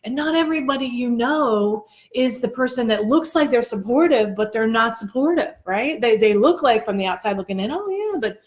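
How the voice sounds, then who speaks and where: A woman co-hosting a casual talk show, animated and laughing often as she tells stories. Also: a little high, a little fast, few pauses. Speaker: co-host. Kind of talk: casual chat and storytelling.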